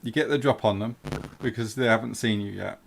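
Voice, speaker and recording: A man's voice: lowish voice, a little fast, creaky, a crowd in the background. A man running a tabletop role-playing game as game master, patiently explaining the rules in a matter-of-fact way.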